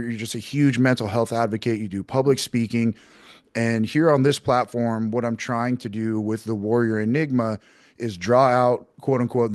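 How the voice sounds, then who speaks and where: A man hosting a podcast interview, chatty and energetic, laughing often as he talks. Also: medium pitch, no room sound, clean studio sound. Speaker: podcast host.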